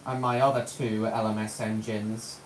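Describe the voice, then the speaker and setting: A man's voice: on the low side, little pitch movement, normal speed. Chatty man in a roomy echo. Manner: rambling, chatty, talks to himself and to viewers' comments. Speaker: livestreamer running a model railway. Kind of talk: casual live-stream chat. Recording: roomy echo with faint background hum.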